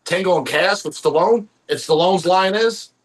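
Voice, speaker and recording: Husky, profane man telling stories. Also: high voice, moderate pace. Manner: profane, rambling storyteller acting out quotes. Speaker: podcast co-host. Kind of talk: casual chat.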